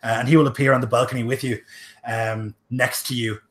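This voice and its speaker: A man's voice: mid-range voice, little pitch movement, brisk, fairly bright tone. A man narrating as game master, rambling with lots of filler words. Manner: rambling, heavy use of "like" and "um".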